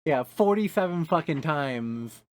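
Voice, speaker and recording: A man's voice: a little high, lively intonation, unhurried, a little hiss or hum. A man co-hosting a casual podcast, rambling with many restarts and frequent swearing. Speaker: podcast co-host. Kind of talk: casual chat.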